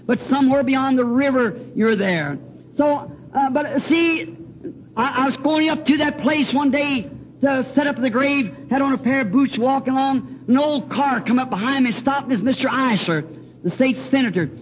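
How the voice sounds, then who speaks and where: A man's voice: extremely high pitch, moderate pace. A man preaching an earnest, emotional sermon, repeating words and breaking into hymn lines. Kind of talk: fervent sermon with personal testimony. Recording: dull lo-fi recording with faint hiss.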